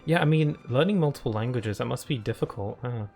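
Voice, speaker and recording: A man's voice: mid-range voice, a little fast, creaky, a little mellow, faint music behind. A British man chatting casually while streaming a video game, laughing often and reading chat and on-screen text aloud. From United Kingdom.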